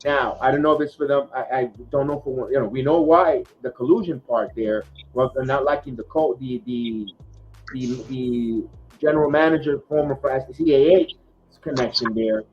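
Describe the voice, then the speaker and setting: A man's voice: medium pitch, normal speed. A man hosting a casual sports podcast, talking in a rambling way with lots of fillers and restarts. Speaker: podcast host. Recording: dull lo-fi podcast audio.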